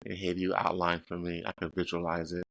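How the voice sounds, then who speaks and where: Deep-voiced man hosting a casual chat. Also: completely flat delivery, fast talker, gravelly, fairly bright tone. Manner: curious, reflective listener. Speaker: podcast host. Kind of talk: casual interview.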